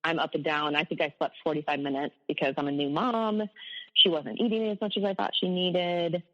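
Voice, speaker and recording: A woman's voice: deep voice, fairly even intonation, fairly quick, long reverb tail. Woman telling her story over a lo-fi line. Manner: candid, laughs ruefully at hard memories. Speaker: guest, abuse survivor. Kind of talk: personal storytelling in an interview.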